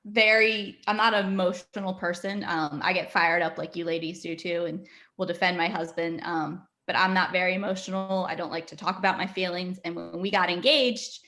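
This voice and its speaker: A woman's voice: lowish voice, fairly even intonation, brisk, hardly any pauses, bright, forceful tone. A woman from Colorado telling a personal story in a plain, matter-of-fact way. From Colorado, USA. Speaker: coach's wife. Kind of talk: casual conversation.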